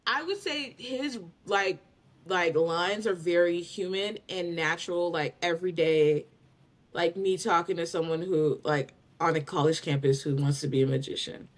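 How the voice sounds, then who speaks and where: A woman's voice: lowish voice, moderate pace. A woman co-hosting a podcast in casual chat, giving her opinions with emphatic confidence. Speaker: podcast co-host.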